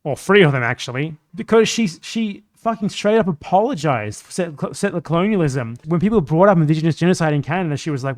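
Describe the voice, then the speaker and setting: A young man doing live-stream commentary, combative and heavy on profanity. His voice sits a bit high for a man, and he jumps between quick outbursts and lower, muttered asides. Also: expressive. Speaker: political streamer.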